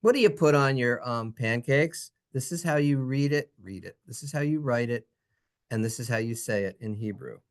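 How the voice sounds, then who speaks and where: A teacher giving a playful, jokey Hebrew lesson over slides, in an animated, singsong voice. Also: mid-range voice, moderate pace.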